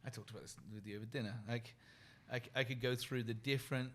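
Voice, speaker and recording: A British man in his forties, a podcast guest speaking in an earnest, soft-spoken and reflective way. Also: medium pitch, fairly even intonation, quick pace, slight background noise. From United Kingdom. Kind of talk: reflective interview conversation.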